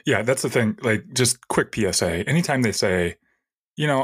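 A man co-hosting a podcast, chiming in with short reactions and quick, offhand asides in casual chat. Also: mid-range voice, animated, a bit bright, slightly rough. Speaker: podcast co-host.

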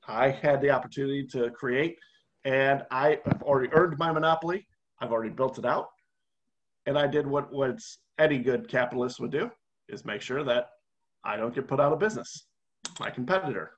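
Male podcast co-host, mid-pitched, animated storyteller in casual chat. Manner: animated storyteller, walks through a game scenario step by step. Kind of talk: casual conversational explaining.

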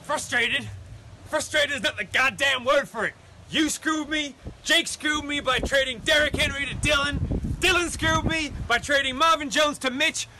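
A man's voice: very high voice, moderate pace, sharp tone, a little hiss or hum, full character voice, poor audio. A man playing an aggrieved, boastful wrestler cutting a mock promo, in blustering trash talk. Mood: ranting. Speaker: league member in a video submission.

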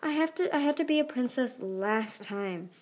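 A woman's voice: fairly high pitch, animated, normal speed. Woman voicing a grumbling bookish young dragon boy. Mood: grudging. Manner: grudging, complaining.

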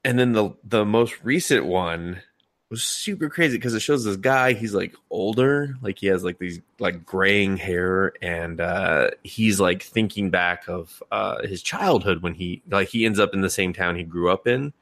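A man's voice: low voice, measured pace, fairly bright tone, no room sound. A man casually retelling scenes as a podcast co-host, rambling with lots of fillers and laughs. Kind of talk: casual chat.

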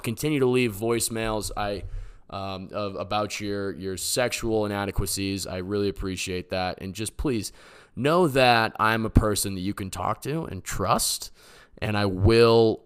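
A man's voice: on the low side, a bit bright, clean tone. A man from the Boston area hosting a podcast, answering voicemails with sarcastic, joking chat. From Boston area, USA. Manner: joking, sarcastic, rambling with fillers. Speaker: podcast host.

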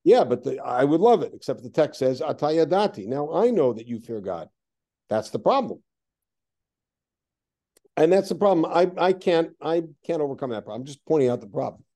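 A man teaching a text study class, his pitch rising and falling a great deal as he reads verses and asks his students questions. His voice is mellow and dark, with a slightly higher pitch than most men. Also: moderate pace. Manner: lively, questioning, reads Hebrew verses then explains.

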